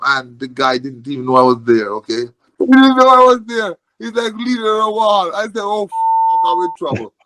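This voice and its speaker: Jamaican man, animated profane storyteller, high voice, repeats himself. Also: poor audio. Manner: animated, profane, repeats words and says okay often. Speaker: guest telling a boxing story. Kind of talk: casual storytelling.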